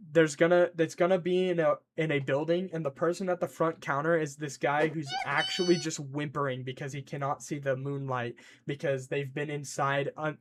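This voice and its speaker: Excitable, rambling man streaming. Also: a little high. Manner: excitable, rambling, scolding his pet and reading chat. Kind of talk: casual rambling stream chat.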